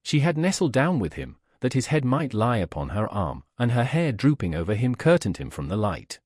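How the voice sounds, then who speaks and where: A man narrating a classic novel as an audiobook with an expressive, measured reading. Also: mid-range voice, breathy edge, dry recording, clean studio sound. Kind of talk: scripted narration.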